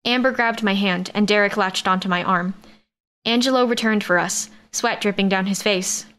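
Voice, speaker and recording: A woman narrating a science-fiction romance in first person, with a steady, even storytelling read. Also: medium pitch, moderate pace, clean tone. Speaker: audiobook narrator.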